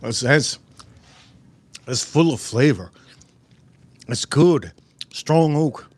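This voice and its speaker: A man's voice: medium pitch, animated, very slow, husky. A man casually hosting a live stream, joking loosely and talking to viewers in the chat.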